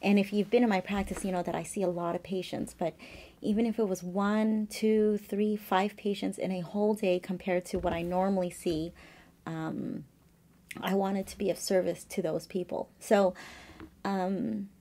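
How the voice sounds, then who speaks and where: Woman in her fifties, practitioner; warm, mellow tone, earnest and halting delivery. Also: medium pitch, steady tone. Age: 50s. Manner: earnest, halting, with many fillers, at times emotional. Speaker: acupuncturist and massage therapist. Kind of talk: personal video message. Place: her office.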